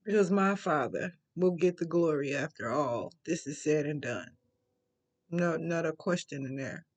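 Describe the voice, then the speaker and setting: Tearful, slow-talking woman preaching faith. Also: deep voice, darkish tone. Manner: earnest, repeats phrases for emphasis. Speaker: faith vlogger. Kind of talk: emotional faith testimony, preachy.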